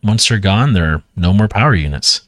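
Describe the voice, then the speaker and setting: Reassuring sci-fi father, read by a low-voiced man, quiet and dry. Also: expressive, fairly quick, no echo. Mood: patient. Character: cheerful future father of young kids.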